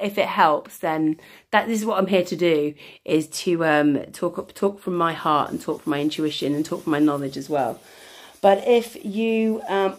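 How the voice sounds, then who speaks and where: A woman wellbeing coach talking live to her viewers in a slightly low voice. She moves from slow guided breathing into loose, rambling chat, restarting her sentences and filling gaps with ums. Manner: chatty, rambling, many restarts and fillers. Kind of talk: live session with breathing exercise and viewer questions.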